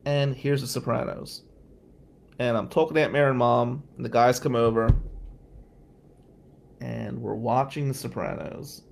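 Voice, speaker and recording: A middle-aged attorney and podcast host from Atlantic City, New Jersey, sounds exhausted as he rants profanely through stories in a casual monologue. He speaks in a steady, mid-range voice at a measured pace, with vocal fry and long pauses.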